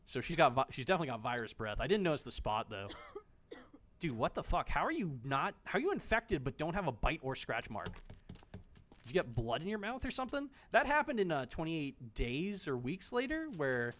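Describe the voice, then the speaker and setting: A man's voice: a little high, very animated, moderate pace, a bit bright. A man streaming a game, chatting casually, joking, swearing freely and talking straight to the characters on screen. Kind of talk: casual gameplay commentary.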